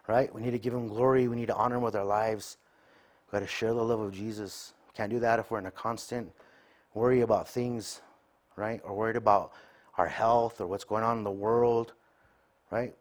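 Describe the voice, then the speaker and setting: Lowish-voiced man preaching conversationally. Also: fairly even intonation, normal speed. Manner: conversational, tags nearly every point with "right?"; acts out everyday conversations in quoted voices. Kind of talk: sermon.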